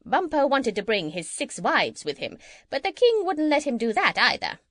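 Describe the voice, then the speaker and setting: A woman's voice: high voice, moderate pace, dry recording, clean studio sound, full character voice. A woman reading an audiobook and voicing a chatty, gossipy female parrot. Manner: lively, chattering storytelling. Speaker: audiobook reader. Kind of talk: children's audiobook character reading.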